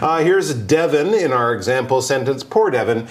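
A man's voice: medium pitch, lively intonation, normal speed, a little hiss or hum. A man co-hosting an English lesson, explaining vocabulary in a chatty way with joking asides. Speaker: co-host English teacher.

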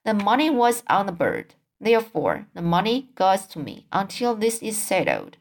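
A woman's voice: mid-range voice, huge pitch swings, moderate pace. A woman voicing a stern male game warden in a storybook reading, speaking firmly and matter-of-factly. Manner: firm, matter-of-fact.

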